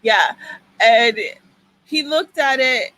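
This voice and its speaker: A woman's voice: sits high, takes it slowly, poor audio. Chatty, teasing woman host. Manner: chatty, teasing, animated storytelling. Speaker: writing livestream co-host. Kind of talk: casual chat.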